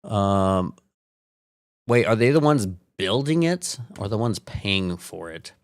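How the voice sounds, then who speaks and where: A man's voice: lowish voice, expressive, slow, clear, resonant tone, dry recording, clean studio sound. A man hosting a live stream, reacting to viewer comments in casual, profane, sarcastic chat with frequent laughter. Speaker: livestream host.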